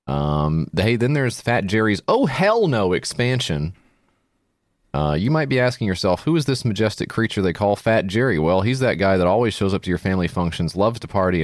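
Male podcast cohost, very low voice, dry close sound, sarcastic and crude. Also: big pitch swings, brisk, no echo. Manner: sarcastic, crude, reviewing a party game. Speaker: podcast co-host. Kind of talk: comedy podcast chat.

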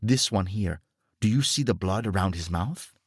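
A man playing a tough old career officer, grave and measured, in a storybook horror reading. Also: deep voice, expressive, slightly rough, dry recording, clean studio sound. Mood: grim.

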